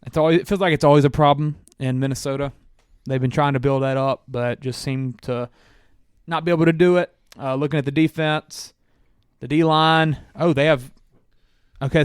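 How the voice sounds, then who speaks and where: Male podcast co-host, casual and musing, working through a roster; crisp, dry. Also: on the high side, no echo. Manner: reads through a team roster, musing aloud with many "uh"s. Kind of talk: casual sports chat.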